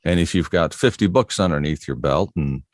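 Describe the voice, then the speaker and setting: A middle-aged man with a bass voice, a voiceover artist, speaks fairly quickly in a relaxed interview, sharing easygoing stories about his work with frequent chuckles. The recording is clean studio sound without echo.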